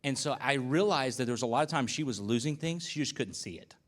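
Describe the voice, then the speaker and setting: A man's voice: mid-range voice, animated, quick pace. A man preaching a conversational sermon as pastor, telling stories in a casual, folksy way with asides and acted-out dialogue. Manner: uses y'all and folksy speech.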